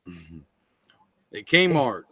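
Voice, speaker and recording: A man co-hosting a casual talk show, upbeat and quick to laugh. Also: mid-range voice, sing-song, fairly bright tone, slightly rough, dry recording. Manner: upbeat, laughs often, reads sponsor lists. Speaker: podcast co-host. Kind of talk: casual chat.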